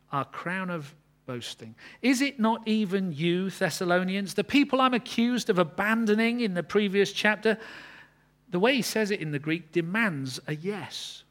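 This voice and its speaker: A man preaching a sermon, earnest, building to emphatic peaks and then dropping low. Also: fairly bright tone.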